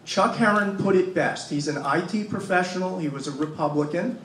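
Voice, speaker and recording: A man speaking at a panel, emphatic and fond of rhetorical questions, with a voice pitched a little high. He is picked up from some distance in a reverberant room with a faint hiss behind him. The delivery is insistent and repetitive. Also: a little fast, fairly bright tone. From Massachusetts, US. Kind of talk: impassioned panel talk. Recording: echoey room, mic from far off.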